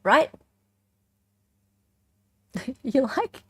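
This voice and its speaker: An Australian woman hosting a casual true-crime commentary in a fairly high voice. She sounds animated and sarcastic and keeps firing "right?" at her listeners. The sound is dry, with no room echo. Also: drawn-out words, breathy edge.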